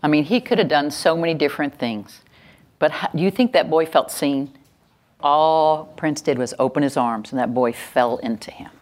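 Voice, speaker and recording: Woman teaching a room, low voice, keeps repeating stuff and asking if everyone gets it. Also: moderate pace, darkish tone. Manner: emphatic, repeats key phrases, checks in with the audience. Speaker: educator giving a workshop. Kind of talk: teaching lecture to a live audience.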